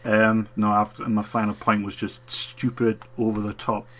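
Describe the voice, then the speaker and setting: A man's voice: lowish voice, completely flat delivery, normal speed, fairly bright tone. A man co-hosting a review show in casual chat, laid-back, blunt and often laughing. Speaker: co-host giving his rankings.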